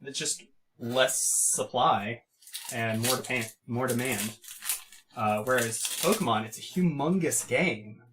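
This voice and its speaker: A man's voice: medium pitch, slow, noisy background. Chatty man hosting a card opening. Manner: enthusiastic, chatty. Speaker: host opening card packs. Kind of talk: casual chat.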